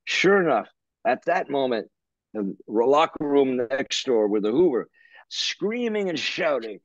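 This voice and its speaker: An older man from Canada, an interview guest telling anecdotes in an animated, rambling way. He restarts his sentences and swears. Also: mid-range voice, a little slow, no echo, dull audio. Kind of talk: anecdotal storytelling.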